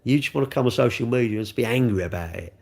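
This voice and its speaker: A man in his sixties with a gravelly voice, hosting a casual live stream, chatting and joking as he answers viewer comments. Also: mid-range voice, animated, rapid-fire, a little mellow. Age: 60s. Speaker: livestream host reading chat.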